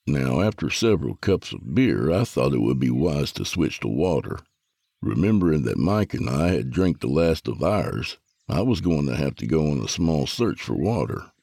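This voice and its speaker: A man narrating a first-person story with a gravelly, husky voice. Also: rumbling low, big pitch swings, normal speed, darkish tone, dry recording, clean studio sound.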